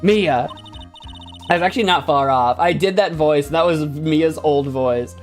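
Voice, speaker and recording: A man's voice: a little high, measured pace, faint music behind. A man giving casual, joking commentary while playing through a story game. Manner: animated, joking, laughs a lot. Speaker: gaming video host.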